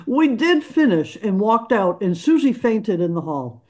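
A woman's voice: medium pitch, very animated, mellow. An older woman, a musician, earnestly recounting a painful memory in an interview. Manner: earnest, emotional, deliberate recounting. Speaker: musician guest. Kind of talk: personal storytelling interview.

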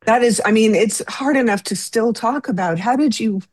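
A woman's voice: a little high, normal speed, a little mellow, no room sound. A woman hosting an interview, asking questions in an effusive, stammering, sympathetic way. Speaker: interviewer host.

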